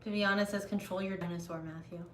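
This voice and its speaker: A woman's voice: medium pitch, steady tone, fast talker, echoey room. A woman co-hosting a casual livestream at home, chatty and reading out viewer comments. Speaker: co-host.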